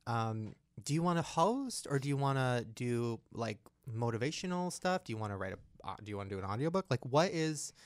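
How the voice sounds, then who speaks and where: A man's voice: medium pitch, animated, brisk, hardly any pauses, clean tone, no echo, clean studio sound. A man in his twenties hosting a casual chat, gossipy and camp, laughing often. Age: 20s. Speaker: podcast host.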